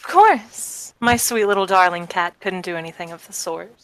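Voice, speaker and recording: A woman's voice: fairly low pitch, moderate pace, fairly bright tone, a little hiss or hum, rough recording. A woman playing a poised, suited woman who answers in a prim, falsely innocent way. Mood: evasive.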